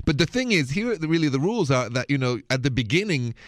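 A man's voice: on the high side, very animated, fast talker, no room sound, studio quality. A man from France with a thick French accent, hosting a call-in radio advice show in a playful, chatty way.

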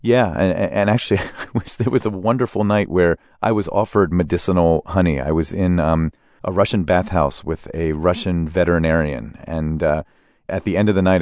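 A man with a very deep voice, a guest in an interview. He tells his travel stories in a relaxed, anecdotal way and laughs mid-sentence. The sound is dry and close. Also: dry recording. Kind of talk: conversational storytelling.

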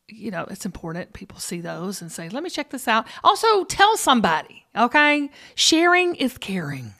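Chatty woman host, lively pitch. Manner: chatty, playful, teasing. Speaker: podcast host. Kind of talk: casual chat.

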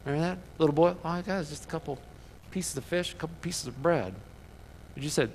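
Preacher, male, lively delivery, mid-high voice, recorded in a reverberant church hall. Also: fast talker, a little hiss or hum. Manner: animated, calls for congregation responses. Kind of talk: sermon.

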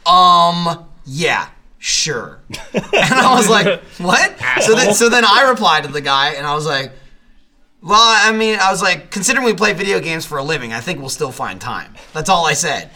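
Podcast co-host: man, high bright voice, laughing storyteller, swears. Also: very animated, normal speed. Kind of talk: casual chat.

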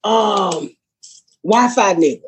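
This comedian and podcast host speaks slowly in a mid-range, slightly husky voice as she tells foul-mouthed, lively stories. She often drops into other people's voices, and the mood is loose and conversational.

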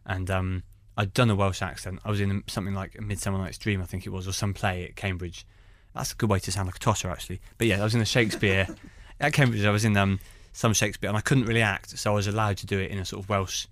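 Fast-talking man, lower voice. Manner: animated storytelling. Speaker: stand-up comedian. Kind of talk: conversational anecdotes.

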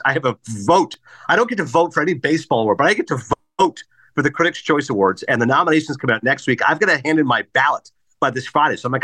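A middle-aged man hosting a podcast, telling stories in casual chat and acting out the people he quotes. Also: mid-range voice. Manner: animated storyteller, acts out quoted people. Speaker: podcast host.

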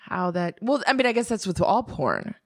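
Woman podcast guest, quick chatty banter, mid pitch. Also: sing-song. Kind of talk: casual chat.

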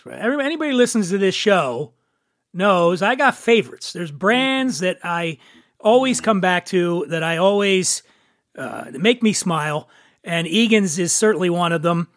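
A man's voice: high voice, fairly bright tone, no echo, studio quality. A man hosting a podcast in a casual, jokey, teasing way. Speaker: podcast host.

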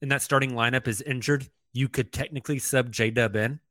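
A man co-hosting a podcast, talking in a chatty, animated way with quick asides. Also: medium pitch. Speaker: podcast co-host. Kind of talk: casual sports chat.

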